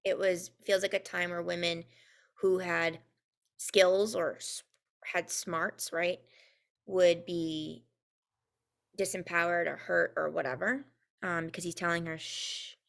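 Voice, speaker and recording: A young woman giving a casual spoken intuitive reading, halting and full of ums, sometimes spelling words out. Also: fairly low pitch, little pitch movement, gravelly, fairly bright tone. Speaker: intuitive reader and co-host.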